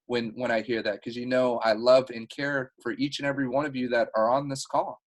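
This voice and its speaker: Team-leader type, man, mid pitch, earnest and heartfelt, rambling motivational talk over a video call. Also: flat delivery, a little fast, rough recording.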